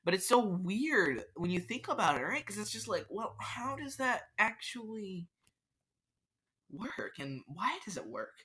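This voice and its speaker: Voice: medium pitch, sing-song, normal speed, few pauses, a bit bright. A podcast host, rambling through an unscripted solo rant, stammering and restarting sentences often.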